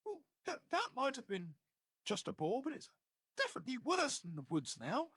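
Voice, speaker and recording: A man with a Scottish accent voicing a nervous male woodsman in a tabletop game, stammering and sinking into hushed tones. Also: very high-pitched, huge pitch swings, moderate pace, no room sound, clean studio sound, exaggerated voice. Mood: uneasy. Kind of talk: in-character tabletop role-play.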